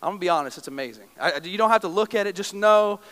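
A man's voice: high-pitched, fast, a bit bright. A young adult male pastor preaching a sermon, emotive and storytelling with self-deprecating humor. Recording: long reverb of a large hall.

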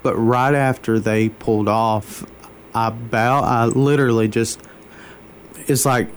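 A man as an interview guest, telling a personal faith story in an earnest, halting way, openly moved. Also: medium pitch, fairly even intonation, a little hiss or hum. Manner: earnest, halting, many fillers and restarts.

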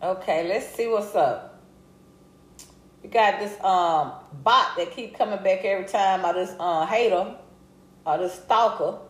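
A middle-aged woman hosting a livestream, chatting casually and greeting viewers by name with a lively, laughing manner. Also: medium pitch, a little slow. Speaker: livestream host. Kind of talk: casual live chat reading comments. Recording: roomy echo.

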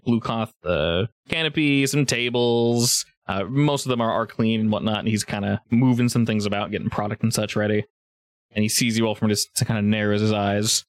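A man's voice: lowish voice, fairly even intonation, normal speed, no room sound. A man narrating as game master, in a loose, rambling way full of fillers. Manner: rambling, many fillers and restarts. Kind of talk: improvised tabletop game narration.

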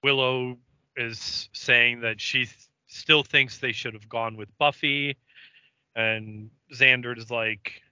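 A man chats through an episode recap at an unhurried pace, his voice very bright and forward. He rambles with fillers as he retells scenes. The audio is dry and a little muffled. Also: medium pitch, fairly even intonation, smooth, no room sound. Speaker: podcast co-host recapping an episode. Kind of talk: casual chat.

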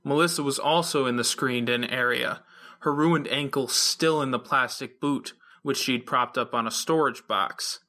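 A male narrator reading an audiobook chapter, carrying the story at a steady, even pace. His voice sits at a middle pitch and has a bright, clear-cut tone that stays forward throughout. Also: moderate pace. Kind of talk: scripted narration.

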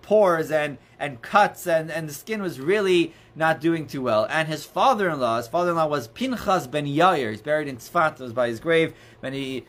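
A man leads an informal Torah class in a slightly high voice. He tells the story conversationally, circling back with restarts and filler words. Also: expressive, moderate pace, hardly any pauses, a bit bright. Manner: conversational, many restarts and "you know"s, storytelling. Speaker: rabbi teaching a class. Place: indoors near books.

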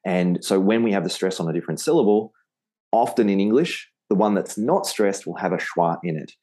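A man's voice: deep voice, fairly quick, dark tone. A man with an Australian accent, a podcast guest who teaches Spanish, explaining patiently and repeating words to show how they sound. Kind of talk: podcast interview.

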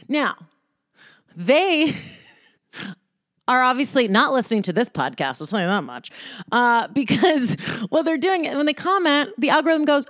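Woman, podcast host, casual solo monologue, sassy, profane, fairly high voice, dry close sound. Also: normal speed, no room sound. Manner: profane, sassy and animated, with frequent laughs and mock voices.

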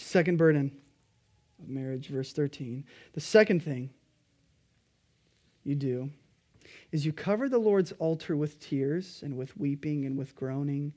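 Male pastor, higher voice, earnest emphatic sermon delivery. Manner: emphatic preaching, pleading then quietly earnest.

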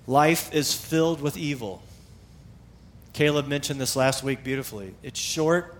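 A middle-aged male pastor preaching a sermon in a conversational, animated way, with emphatic repetition. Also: medium pitch, unhurried, a little hiss or hum.

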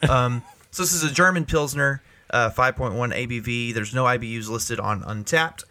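Bright-voiced guy rambling on a podcast, keeps restarting sentences, dry close mic. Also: mid-range voice, normal speed, dry recording. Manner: rambling, self-correcting, chuckling. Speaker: podcast co-host. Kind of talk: casual chat.

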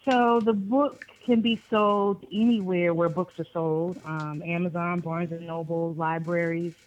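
Muffled audio captures a woman's low, unhurried voice; she is an author guest from Boston, Massachusetts, in an interview. Her conversation is casual and lively, delivered in bursts with frequent laughter.

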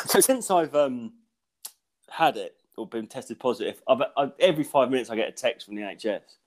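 In an expressive mid-range voice at a moderate pace, a comedian who hosts a podcast and has young kids spins a casual story. It wanders, broken by coughing, breathlessness, restarts and giggles.

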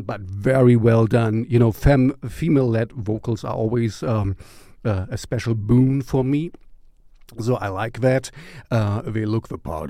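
Slow, gravelly-voiced man reviewing music. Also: mid-range voice, mellow, no echo, studio quality. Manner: rambling, self-mocking, joking asides. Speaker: music channel host. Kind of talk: casual music recommendation vlog.

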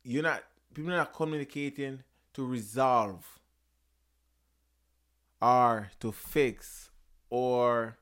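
A young man holds forth on relationships in loose, casual talk, swinging between heated emphasis and quieter stretches. His voice sits at an ordinary middle pitch, and he keeps restarting sentences and hunting for the right word. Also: slow pace, pauses often. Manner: animated, emphatic, swears and repeats himself; searches for words, frequent restarts. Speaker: podcast host.

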